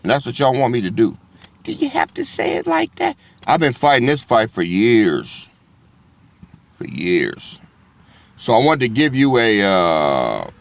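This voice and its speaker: A man preaching with a blunt, confrontational edge, mixing scripture readings with profane asides. His voice sits at an ordinary middle pitch. He keeps turning to his listeners to make sure they are following. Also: a bit bright.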